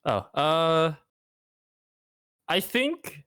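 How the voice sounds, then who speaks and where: A young man speaking as an interview guest in casual chat, reflective and halting, leaning heavily on "like.". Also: mid-range voice, very animated, fairly bright tone, no echo. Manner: reflective, halting, heavy use of "like".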